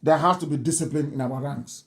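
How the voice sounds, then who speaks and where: Male radio host, high-pitched, insistent and pleading, live address. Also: brisk. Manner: forceful, repetitive, pleading. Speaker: radio broadcaster taking calls.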